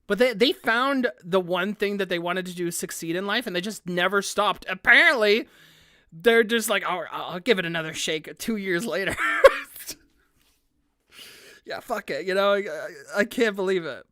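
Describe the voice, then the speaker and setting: A woman's voice: medium pitch, normal speed, pushed and bright, no echo, studio quality. A woman streamer chatting casually on a live stream, rambling with lots of "like" fillers and frequent laughter.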